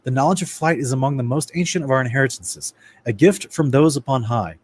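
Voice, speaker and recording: A man presents a casual lecture-style Bible study in an animated, conversational way. His voice sits in an ordinary middle pitch. He talks straight to his listeners as guys and trips over words as he reads from his notes. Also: brisk. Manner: animated, addresses listeners as guys, stumbles and restarts while reading.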